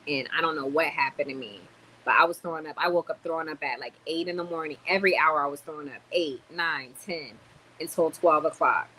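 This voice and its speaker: A young woman vlogging casually on a livestream, tired and chatty, telling stories with sudden loud exclamations. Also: sits low, a little fast, a little hiss or hum, low-quality recording.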